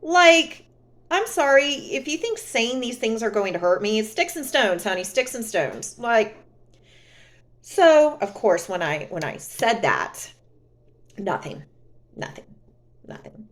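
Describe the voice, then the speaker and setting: A woman's voice: a little high, very animated, moderate pace, hardly any pauses. A woman vlogger talking straight to camera in a sassy, indignant, emphatic way. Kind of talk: candid vlog monologue.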